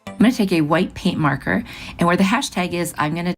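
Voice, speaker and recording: A woman's voice: sits low, animated, a little fast, faint music behind. A woman hosting a craft channel, chatting through each step of a project in a casual, upbeat way. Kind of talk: casual craft tutorial narration.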